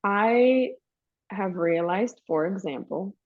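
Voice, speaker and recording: A woman's voice: medium pitch, expressive, slow pace, dry recording. A woman guest telling her story in an emphatic, chatty way, with a dry, dull lo-fi sound. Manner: emphatic, chatty, calls listener "girl". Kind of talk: candid personal storytelling.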